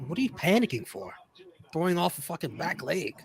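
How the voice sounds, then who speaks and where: A man's voice: a little high, sing-song, fairly quick, creaky. A man co-hosting a watch-along, blunt and swearing as he critiques each play. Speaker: co-host. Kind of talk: casual watch-along chat.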